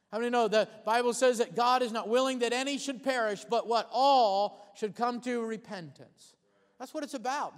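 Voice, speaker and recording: A man preaching a sermon in a high, bright voice that rings through a hall with a long reverb tail. He keeps calling for amens and repeats key words, sometimes rushing ahead and sometimes drawing lines out slowly. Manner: preaching with call-and-response, repeating phrases; shifts between fast bursts and slow emphatic lines. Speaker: pastor.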